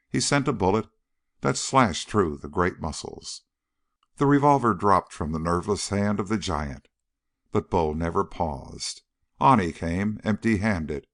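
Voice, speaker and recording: Deep-voiced man narrating a Western. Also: creaky, a bit bright. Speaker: audiobook narrator. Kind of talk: scripted narration of a Western novel.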